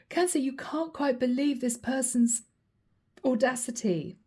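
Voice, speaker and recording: A woman talks through a tarot reading with a fairly high but mellow, soft-edged voice. She keeps laughing as she goes and slips into the other person's words to act out their side. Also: lively intonation, a little slow, long pauses. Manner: laughs often while reading, acts out what the other person says. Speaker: tarot reader.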